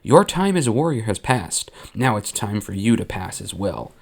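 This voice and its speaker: A man voicing a cold, unhinged female rebel leader, speaking with low, quiet, flat menace. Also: normal speed, gravelly, husky, heavily acted. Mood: coldly menacing.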